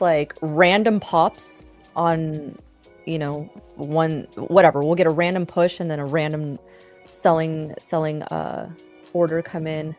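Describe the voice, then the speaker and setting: A woman co-host with a fairly low voice who chats with viewers in a loose, giggly way, using plenty of fillers. Faint music sits under her voice. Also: fairly even intonation, a little slow, darkish tone. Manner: chatty, giggly, uses filler "like". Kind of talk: casual live-stream chat.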